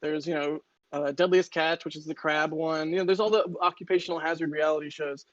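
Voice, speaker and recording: Man co-hosting a stream, high voice, jokey rambling, kinda dull dry audio. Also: fairly even intonation, brisk, no room sound. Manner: joking, rambling, self-interrupting. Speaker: livestream co-host. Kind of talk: casual livestream chat.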